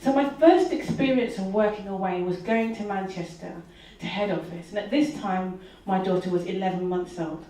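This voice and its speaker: A woman's voice: mid-range voice, normal speed, hardly any pauses, dark tone. A woman telling a personal story at a live event, chatty and confiding, speaking straight to the audience. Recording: echoey hall from far off.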